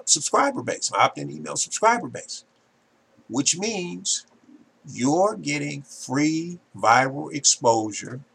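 A male podcast host with a gravelly, slightly husky voice who gives a marketing pep talk. His delivery is emphatic and salesy, and he keeps turning to address the audience directly. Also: medium pitch. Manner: emphatic, salesy, keeps saying "ladies and gentlemen".

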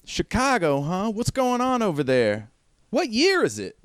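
A man voicing an eager, friendly young male gunslinger in a tabletop game, with a raised pitch and fast talk. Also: huge pitch swings, smooth, no echo, clean studio sound, full character voice. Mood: excited.

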